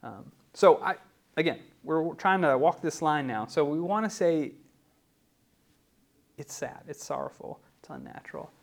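Male pastor, higher-pitched, casual teaching sermon, filler-heavy, rhetorical asides. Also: lively intonation, normal speed, gravelly. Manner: conversational, many ums and rhetorical "right?".

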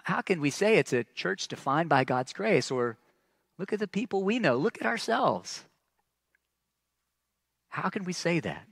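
A man preaching a sermon as pastor, earnest and emphatic, with frequent restarts and phrases that trail off soft and low. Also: dry recording, studio quality.

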